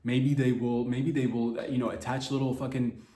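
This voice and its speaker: A man hosting a comedy podcast, rambling through a loose monologue, cursing freely and jumping into mock voices and loud outbursts. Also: mid-range voice, little pitch movement, normal speed, echoey room.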